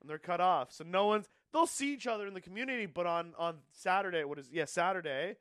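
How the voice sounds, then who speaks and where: A man, a stand-up comedian, telling stories in casual podcast chat and breaking into loud character voices. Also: high-pitched, fast talker, smooth, no echo.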